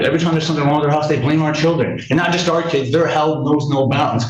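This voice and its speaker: A man's voice: a little high, steady tone, quick pace. A man testifying in a courtroom hearing, indignant and rambling, repeating himself as he tells his side. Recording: echoey courtroom mic, faint noise.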